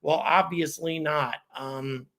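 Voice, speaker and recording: A man's voice: fairly high pitch, steady tone, takes it slowly, fairly bright tone. A middle-aged American man hosting a live space show, talking casually, with frequent ums and uhs as he greets viewers. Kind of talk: casual livestream chat.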